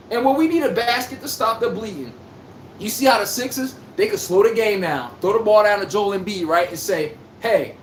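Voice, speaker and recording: A man's voice: very high-pitched, slight background noise. Brash trash-talking man in a roomy space. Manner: brash trash-talking, taunting, shouts out lines. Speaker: host of a sports podcast livestream. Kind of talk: heated sports talk to a live chat.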